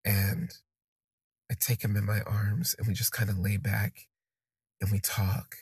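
Guy telling a personal story, rambly and candid, gravelly husky voice, dry close sound. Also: on the low side, little pitch movement, a little slow, a little mellow, no room sound. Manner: candid, rambling, frequent fillers. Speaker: podcast host.

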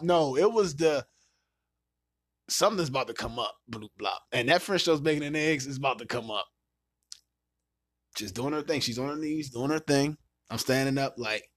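On a clean studio track with no room sound, a podcast host tells a vulgar dating anecdote, swearing casually, laughing, and doing impressions of other people. He is an adult with a child, and his voice sits at medium pitch with a fairly bright tone.

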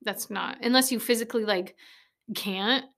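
Her voice a little high and fairly bright, a late-20s woman runs a laid-back solo podcast at a normal pace. Recorded with a studio mic in a small converted shed, she comes across blunt and rambling, swearing often and quick to laugh.

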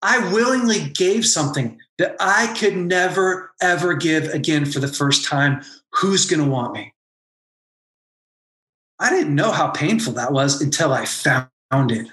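A man's voice: fairly high pitch, animated, measured pace, a bit bright, reverberant. A man and former pastor, talking as a podcast guest and telling an emotional personal story with earnest intensity. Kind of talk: candid podcast conversation.

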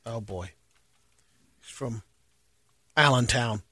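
A man's voice: mid-range voice, slow pace, pushed and bright, no echo. A man co-hosting a talk show, reading out odd news items with a wry, dry delivery. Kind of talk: casual talk show banter.

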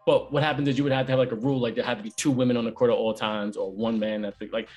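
This man tells his story in lively, slang-heavy bursts, hyping up each turn. He is an event host and comedian chatting casually. Faint music plays quietly beneath him. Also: medium pitch. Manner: animated storyteller, fast slangy talk. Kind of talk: casual podcast chat.

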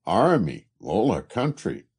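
A man's voice: fairly low pitch, wildly swooping pitch, takes it slowly, creaky, darkish tone, husky, voice pushed up, exaggerated voice. A man voicing a chatty, poor Italian immigrant laborer who speaks broken English with an Italian accent. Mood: eager. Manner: broken English, eager and talkative.

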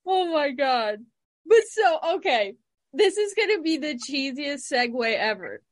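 Woman, podcast host, high pitch, upbeat, playful questions. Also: very animated, measured pace. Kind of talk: casual interview.

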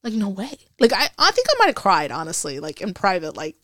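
A woman's voice: fairly low pitch, very animated, brisk, a bit bright, no echo, studio quality. A woman as an interview guest, chatting casually and acting out quoted dialogue as she tells her story.

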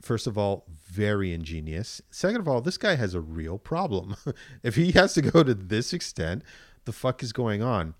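A man chatting casually about a TV show, animated, acting out his reactions and swearing freely. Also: fairly low pitch, normal speed, dry recording, clean studio sound. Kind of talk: casual review chat.

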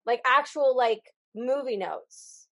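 A woman with a notably high voice talks loosely on a podcast. She rambles, restarts and hunts for the right words. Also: slow pace, highs cut off. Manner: chatty, rambling, searches for words. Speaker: podcast co-host. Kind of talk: casual chat.

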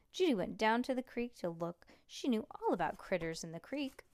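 A woman's voice: on the high side, big pitch swings, normal speed, darkish tone, dry recording, clean studio sound. A woman reading a children's book aloud to a child, playful and breaking off to chat about the story. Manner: playful, chats between passages.

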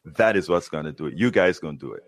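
A man's voice: low-pitched, fast, dry recording. A man hosting a political talk show, talking in an emphatic way with many stumbling restarts. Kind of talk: casual political chat.

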